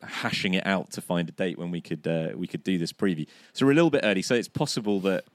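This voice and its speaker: A man co-hosting a casual cricket podcast outdoors, slightly hoarse from laryngitis, chatty and self-deprecating with many restarts. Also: deep voice, animated, quick pace, no room sound. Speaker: podcast co-host. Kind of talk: casual chat. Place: outdoors, sunny and breezy.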